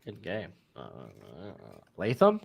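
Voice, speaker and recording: Young male co-host, animated pitch, halting delivery. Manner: halting, restarts a lot, lively swings in pitch. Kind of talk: casual podcast chat.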